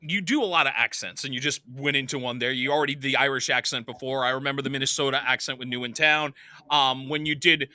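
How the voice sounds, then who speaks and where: A man's voice: medium pitch, fairly even intonation, sharp tone. A man hosting a podcast, eagerly asking his guest questions in a casual, upbeat way. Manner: eager, quick, upbeat interviewer. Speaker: podcast host. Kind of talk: casual interview.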